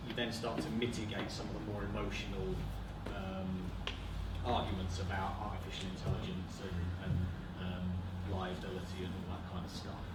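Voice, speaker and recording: Distant man in a loud echoey room. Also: low voice, very noisy. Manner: repetitive, restarting, reflective. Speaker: panelist. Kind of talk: panel discussion.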